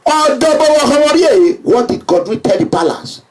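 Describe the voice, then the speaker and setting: A Nigerian man giving an emphatic public address, repeating himself and breaking into shouts. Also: extremely high pitch, sing-song, a little fast, recorded from a distance. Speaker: political speaker.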